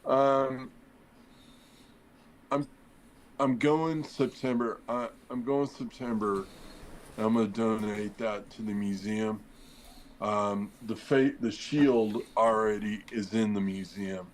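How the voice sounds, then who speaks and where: A middle-aged former firefighter, appearing on a podcast, speaks in a fairly low, fairly even voice at a slow pace with long pauses. His long story rambles casually, with acted-out dialogue and plenty of fillers. The audio is poor, with a little hiss or hum.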